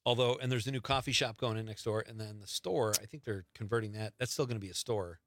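A man's voice: on the low side, quick pace, dry recording. A man hosting a radio show, chatting loosely and joking with a guest in the studio. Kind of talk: casual radio talk. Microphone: studio microphone.

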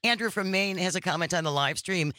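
A man's voice: high-pitched, a little fast, no echo, studio quality. A man hosting a political talk show, running the segment and reading viewer comments. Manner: animated, directs producer and reads comments. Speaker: show host.

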